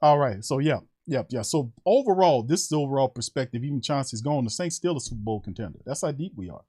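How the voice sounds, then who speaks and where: A man hosting a casual sports talk show, animated and conversational, speaking to fans as family. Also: mid-range voice, fast talker, husky.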